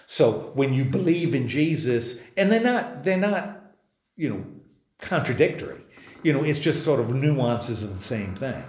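Teacher, male, mid-pitched, casual Bible class lead, roomy echo. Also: expressive, unhurried, a little mellow. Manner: conversational, many restarts, asks the group questions. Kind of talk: informal Bible study class. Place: church meeting room.

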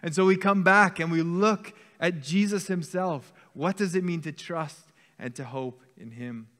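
A man's voice: a little high, a little slow, fairly bright tone. A man in his forties preaching a sermon to a church congregation in a conversational way, often checking in with "okay?". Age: 40s. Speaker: pastor. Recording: church hall with long reverb.

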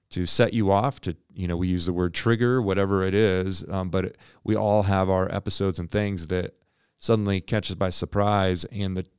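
A man's voice: deep voice, darkish tone, smooth, no room sound, studio quality. A man co-hosting a church podcast in a casual, thoughtful way, with fillers and self-deprecating humor. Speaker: pastor and podcast co-host.

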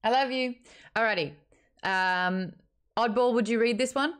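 A woman's voice: a little high, unhurried, clean tone. A woman hosting a live book club stream, chatting casually, teasing and laughing often. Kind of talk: casual chat.

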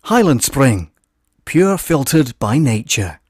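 A Scottish announcer reads a commercial tagline slowly, stretching each word, as a man puts the voice on. The delivery sits a touch higher and louder than ordinary talk. It is recorded dry and close, with no room sound. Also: very animated, breathy edge, no echo, full character voice. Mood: announcing. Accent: put-on Scottish. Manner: slow, drawn-out slogan delivery.

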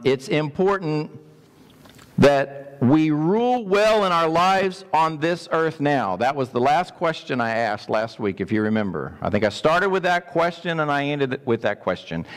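Emphatic male pastor in a hall. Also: a little high. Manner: emphatic, repeats words, asks questions of the congregation. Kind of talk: sermon.

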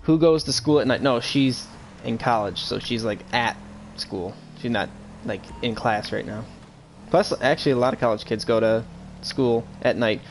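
A man's voice: medium pitch, moderate pace, a little hiss or hum. Casual rambling young man streaming. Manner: rambling, casual, swears freely. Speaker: streamer playing a police officer. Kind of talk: casual live-stream chat during police role-play.

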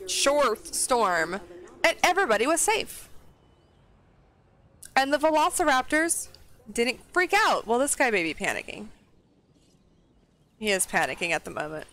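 A woman streamer giving casual commentary on her game, talking to herself and often breaking into excited squeals and exclamations. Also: medium pitch, moderate pace, pauses often.

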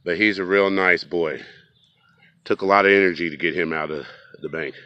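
A folksy man talks casually to his viewers while out on a riverbank. His voice sits low and comes across smooth and clear. The sound is close and dry. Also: fairly even intonation, moderate pace, sharp tone, dry recording, highs cut off. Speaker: fishing vlogger. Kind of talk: casual outdoor vlog. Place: outdoors by a riverbank.

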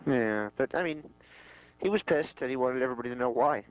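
A man's voice: medium pitch, a little fast, clear, resonant tone, no room sound. A man co-hosting a podcast in casual chat, blunt and teasing. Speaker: podcast co-host. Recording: dull lo-fi sound.

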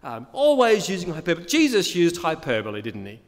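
A man's voice: fairly high pitch, wildly swooping pitch, brisk. A male pastor preaching a sermon, emphatic, repeating key phrases and asking rhetorical questions. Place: church. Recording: long reverb of a church hall.

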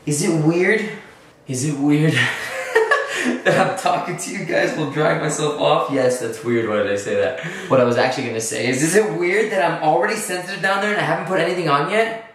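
A man's voice: a little high, a little fast, fairly bright tone. A young man vlogging casually in his bathroom, joking and self-conscious as he rambles. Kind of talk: casual vlog chat. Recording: echoey bathroom, faint noise.

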